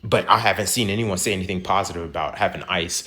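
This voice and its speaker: A man speaking in a measured, firm way, repeating his point for emphasis. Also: deep voice, bright, forceful tone.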